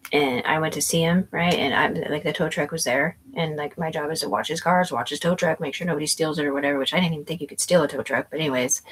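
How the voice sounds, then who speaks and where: A woman's voice: low voice, a little hiss or hum, rough recording. A woman telling a rambling story in casual chat, profane and meandering, full of fillers and restarts. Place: indoors at home.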